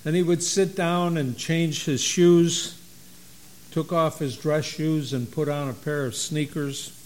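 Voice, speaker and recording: Slow-speaking pastor, a man. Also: fairly high pitch, fairly even intonation, rough recording. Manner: slow, folksy storytelling. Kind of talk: sermon.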